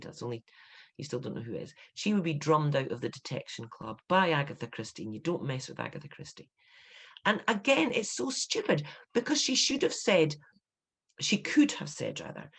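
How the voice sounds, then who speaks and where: A Scottish woman in her fifties, an author giving an instructive talk to writers, emphatic and animated, with bursts of indignation. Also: low-pitched, husky. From Scotland. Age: 50s.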